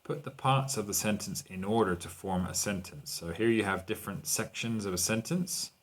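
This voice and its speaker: A man's voice: fairly low pitch, moderate pace. A man teaching an online English lesson, walking learners through exercises and translating lines into Spanish.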